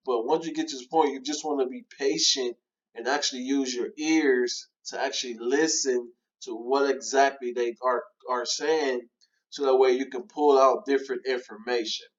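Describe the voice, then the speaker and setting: A man's voice: medium pitch, highs cut off. Man casually coaching cold-call scripts. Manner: relaxed, many fillers, acts out sample call lines. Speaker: real estate trainer. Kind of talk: casual instructional walkthrough.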